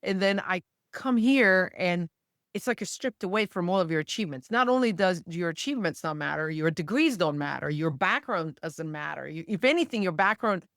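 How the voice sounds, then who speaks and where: A woman from the Balkans with a Balkan accent, speaking as a guest coach in a casual podcast conversation, emphatic and quick to agree. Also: fairly low pitch, animated, a bit bright, dry recording, studio quality. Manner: emphatic, agreeing often with short yeps. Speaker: guest, cross-cultural coach.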